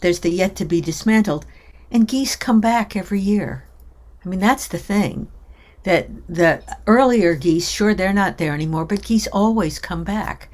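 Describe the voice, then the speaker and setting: A woman's voice: mid-range voice, a little slow, a little mellow. A woman in a poetry discussion group, talking in a casual, enthusiastic way.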